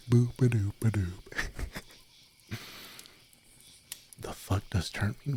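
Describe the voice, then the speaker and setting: A young man streaming late at night, chatting softly in a rambling, giggly way that often drops into a whisper. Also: lowish voice, slow pace, pauses often, a little hiss or hum. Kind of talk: soft-spoken late-night stream chat. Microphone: desk microphone, no windscreen.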